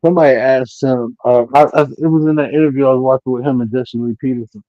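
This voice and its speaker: A man talking bluntly and profanely from home on a live-stream panel, telling animated stories with laughter. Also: medium pitch, fast, no echo, muffled recording.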